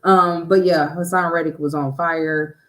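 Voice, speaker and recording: A woman's voice: deep voice, fairly even intonation, measured pace, a bit bright. A woman co-hosting a casual sports podcast, hesitant with fillers but emphatic in her points. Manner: hesitant, many "uh" and restarts, then emphatic. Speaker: podcast co-host.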